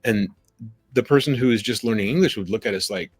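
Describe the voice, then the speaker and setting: A man speaking as a guest on a video call, animated and storytelling, acting out the people he quotes. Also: on the low side, a little fast, husky, no room sound. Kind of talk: conversational storytelling.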